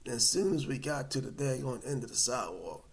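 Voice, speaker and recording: A man telling a personal story to camera in a casual, animated, rambling way. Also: medium pitch, brisk, creaky. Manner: animated, colloquial, rambling with restarts.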